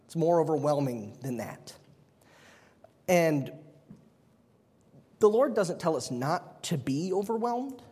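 A man's voice: fairly high pitch, sing-song, slow, pauses often, a little mellow, slightly rough. A man preaching a sermon in a conversational way, with self-deprecating humor. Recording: long hall reverb.

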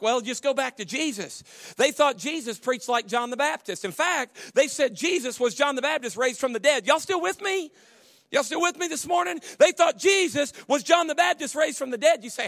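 A middle-aged man preaches in a high, bright voice. He climbs to full shouts and then drops back into quiet, close storytelling. The recording is dry, with little room sound. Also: animated, normal speed, no echo. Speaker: pastor. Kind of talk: sermon. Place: church.

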